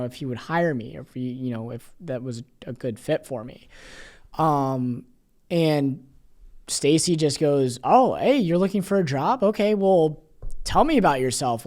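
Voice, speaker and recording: A young man hosting a podcast, telling a story in a casual monologue, animated, acting out quoted voices between many fillers. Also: a little high. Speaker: podcast host.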